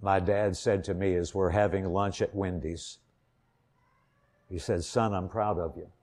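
Older man preaching in a low voice. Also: fairly even intonation, measured pace. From Indiana. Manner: earnest storytelling preaching, swelling louder on key points. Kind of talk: sermon.

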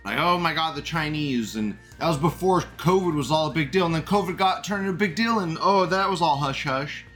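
A man's voice: a little high, expressive, fairly quick, hardly any pauses, fairly bright tone, soft background music. A man hosting a live stream, reading chat comments aloud and commenting in a rambling, indignant way, swearing and laughing often.

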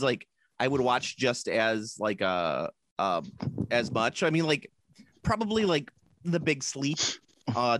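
A man co-hosting a podcast in casual chat, rambling and animated, often breaking into silly put-on voices. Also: on the high side, no room sound, studio quality. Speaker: podcast co-host.

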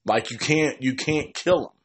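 Male film reviewer, casual and profane, loose rambling delivery with a middle-pitched voice, and he jumps into characters' dialogue on the fly. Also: husky. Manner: rambling, swears heavily, restarts often; acts out characters' lines in quick quoted asides.

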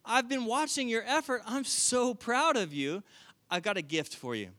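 A man's voice: very high-pitched, expressive, moderate pace, bright, forceful tone, no echo, voice pushed up, full character voice. A man as a proud, tender father. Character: proud, loving father speaking to his son.

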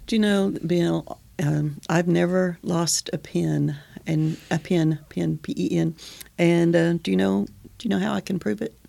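A woman co-hosting a casual podcast, reading poetry slowly and telling playful jokes. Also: fairly low pitch, fairly even intonation, creaky, warm tone. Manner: reads poetry slowly and deliberately; playful, tells jokes and laughs often. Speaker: podcast co-host.

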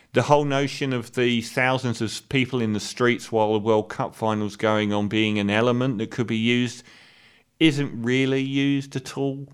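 A man's voice: mid-range voice, smooth. Opinionated man reviewing a film. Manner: opinionated and candid, with hesitant fillers and restarts. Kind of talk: casual spoken movie review.

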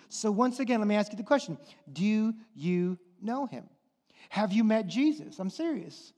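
A male pastor preaching a sermon, swinging from hushed, intimate lines to impassioned, near-shouted exhortations. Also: high voice, expressive, moderate pace. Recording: long hall reverb.

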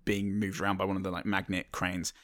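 A man co-hosting a film podcast who rambles in a halting way, restarting his sentences and swearing casually. His voice sits on the low side. The sound is dry and close. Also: flat delivery, fairly bright tone, no echo. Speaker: podcast co-host. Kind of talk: casual film review chat.

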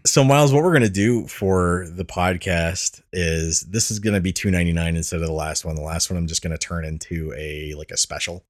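Self-mocking podcast host, lower voice. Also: male voice, fairly quick, hardly any pauses, dry recording, clean studio sound. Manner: rambling storyteller, laughs at himself often. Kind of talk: casual chat.

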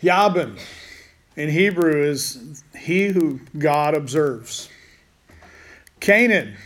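A man's voice: a little high, expressive, very slow, fairly bright tone. A man teaching a Bible study in a casual way, with rambling, joking asides.

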